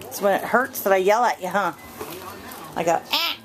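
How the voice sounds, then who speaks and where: Woman cooing baby talk at puppies. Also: moderate pace. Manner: high sing-song baby talk to puppies. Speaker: dog breeder. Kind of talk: casual home video narration. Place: indoor room at home with puppies. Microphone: handheld camera mic. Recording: noisy home camcorder recording.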